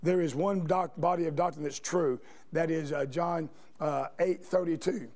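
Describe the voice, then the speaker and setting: A man's voice: a little high, fairly even intonation, moderate pace, darkish tone. A man preaching a sermon in a church, telling stories and asking the congregation questions. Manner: storytelling, asks the congregation questions. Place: church sanctuary.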